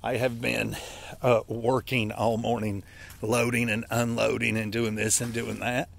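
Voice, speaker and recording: Gravelly man, out of breath. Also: medium pitch, level tone, measured pace. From Appalachia, United States. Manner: folksy, rambling, corrects himself. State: out of breath, stuffy nose. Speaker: forager showing wild edibles. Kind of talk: casual walking vlog. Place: outdoors in a yard.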